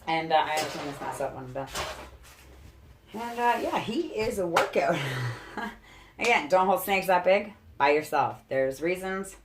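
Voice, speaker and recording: Young woman vlogger, deep speaking voice, chatty and breathless, roomy home echo. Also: lively intonation, a little slow, long pauses, noisy background. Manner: chatty, laughs often, frequent fillers. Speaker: reptile keeper vlogger. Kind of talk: casual show-and-tell vlog. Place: indoors at home. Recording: echoey home room.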